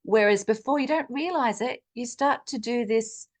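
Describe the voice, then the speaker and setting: A woman's voice: on the high side, moderate pace. A middle-aged woman on a video call, chatting animatedly with lots of fillers as she tells her own health story. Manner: chatty and animated, many fillers, acts out quoted dialogue. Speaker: guest sharing a personal health story. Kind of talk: casual video-call chat.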